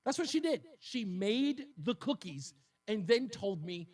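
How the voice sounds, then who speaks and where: A man's voice: high-pitched, sing-song, unhurried, darkish tone. A man hosting a call-in radio talk show, joking and laughing often. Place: radio studio.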